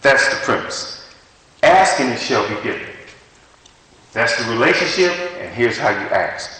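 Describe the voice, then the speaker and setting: Bright-voiced male preacher in echoey hall. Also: medium pitch, measured pace, distant mic. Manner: conversational, animated preaching with frequent restarts. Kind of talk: sermon.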